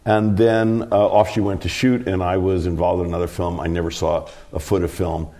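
A man with a very deep, low-pitched voice tells an anecdote in an interview. He is a middle-aged producer and director who rambles through his story, restarting sentences and leaning on fillers. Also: level tone, fairly quick, dark tone.

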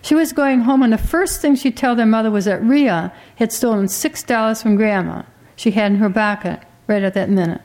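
A woman reading a literary story aloud as an audiobook narrator, in a measured, quietly dramatic way. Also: medium pitch.

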